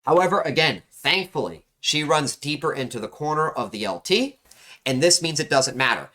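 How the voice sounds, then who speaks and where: Young man, bright voice, game coach, emphatic, instructive, repeats words for stress. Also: on the high side, animated, moderate pace. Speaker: game coach reviewing a match. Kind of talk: analytical gameplay commentary.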